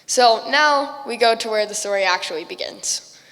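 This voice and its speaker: A woman's voice: fairly high pitch, moderate pace, a bit bright. Casual young female storyteller in a hall. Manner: casual, chatty storytelling with giggles. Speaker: student storyteller. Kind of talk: told story at a festival.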